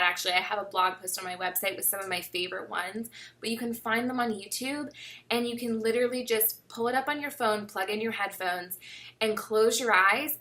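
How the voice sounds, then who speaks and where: A young woman talking casually to camera, giving chatty, encouraging advice on coping with stress. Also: medium pitch. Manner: warm, encouraging, chatty with many fillers. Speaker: fitness vlogger.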